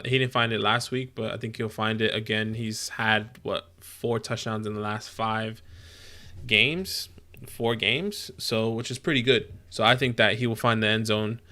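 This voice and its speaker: An American man co-hosting a casual live stream, agreeable and giving measured picks. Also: lowish voice, steady tone, sharp tone. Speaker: podcast co-host.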